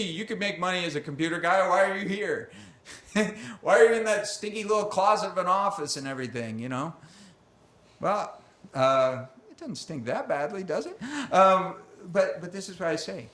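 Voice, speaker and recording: A pastor with a high-ish, fairly bright voice delivers a conversational sermon in a church sanctuary, with roomy echo on the recording. Chatty and self-deprecating, he acts out quoted voices as he goes.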